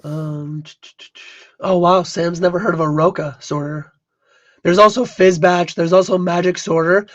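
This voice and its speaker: A hoarse man who has lost most of his voice, co-hosting a casual livestream podcast and often stumbling and repeating his words. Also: high-pitched, fairly even intonation, unhurried, fairly bright tone, lo-fi sound. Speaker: podcast co-host.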